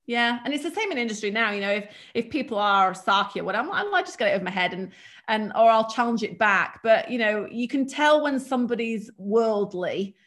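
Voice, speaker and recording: A woman with a mild English accent, a guest telling work stories in a chatty, animated way. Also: fairly high pitch, a little fast. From England. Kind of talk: casual storytelling.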